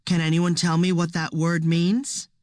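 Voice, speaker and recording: Woman reading a slow, pitying schoolteacher. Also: lowish voice, level tone, a little mellow, no room sound, close to an everyday voice. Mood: patient. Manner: slow, careful classroom speech.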